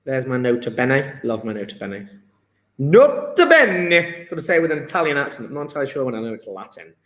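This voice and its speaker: A man's voice: medium pitch, very fast, fairly bright tone. A man teaching a chemistry lesson to students, chatty and encouraging, often checking with "yeah?". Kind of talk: live online lesson. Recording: echoey room.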